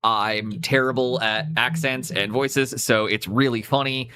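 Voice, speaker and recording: A man's voice: mid-range voice, steady tone, unhurried, bright, forceful tone, clean tone. A young man with a Canadian accent chatting casually on a live stream, rambling and cutting himself off, on a cheap USB mic. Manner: rambling, self-interrupting, casual swearing. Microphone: cheap USB microphone.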